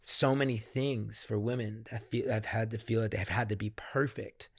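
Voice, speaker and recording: Gravelly, low-voiced man telling a story. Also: moderate pace, no room sound, studio quality. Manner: swears freely, animated when quoting himself. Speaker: podcast guest. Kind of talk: candid conversational storytelling.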